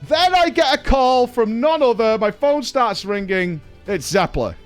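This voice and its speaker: A man streaming, telling a story in a casual, animated way, swearing and laughing along. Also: very high voice, unhurried, clear, resonant tone, faint music behind.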